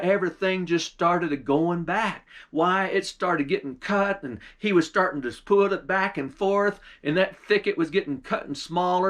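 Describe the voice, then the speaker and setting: A man's voice: a little high, fairly bright tone. A man, a pastor, telling a folk tale in a drawling, folksy storytelling manner.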